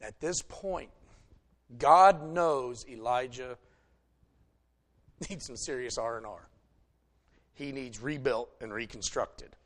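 A male preacher delivering a sermon, retelling a story and swinging between loud emphasis and hushed asides. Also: mid-range voice.

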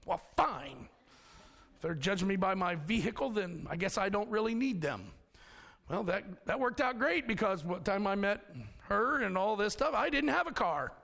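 A man preaching a sermon, with a high, gravelly voice that swings widely in pitch. He tells homely stories and chuckles at his own jokes, and his voice rings with long reverb. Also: expressive, normal speed, fairly bright tone. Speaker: pastor.

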